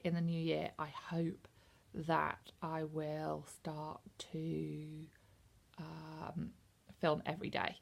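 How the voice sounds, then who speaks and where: Gravelly-voiced woman rambling through a book review. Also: low voice. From United Kingdom. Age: 30s. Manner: rambling, hesitant, many ums. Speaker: book vlogger. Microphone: camera.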